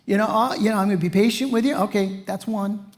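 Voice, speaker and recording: A man's voice: high-pitched, fairly even intonation, quick pace. A man preaching acts out an eager, self-satisfied male apostle in a chummy voice that keeps searching for words. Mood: smug.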